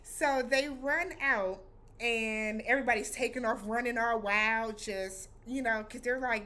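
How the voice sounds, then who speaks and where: A woman vlogger retells an episode in a loose, chatty way, full of slang and acted-out reactions. Her voice sits slightly high and stays animated throughout. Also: unhurried, slight background noise. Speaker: vlog host reviewing a TV episode. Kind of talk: casual recap vlog.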